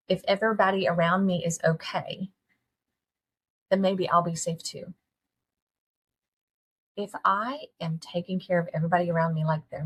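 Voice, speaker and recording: A middle-aged podcast host speaks candidly and directly to her listeners, earnest and folksy, repeatedly putting questions to them. Her voice is on the low side, husky in grain and a bit bright.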